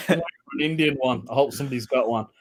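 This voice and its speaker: A man's voice: medium pitch, fairly quick. A man hosting an online pun contest over a video call, laid-back and laughing between turns. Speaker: host.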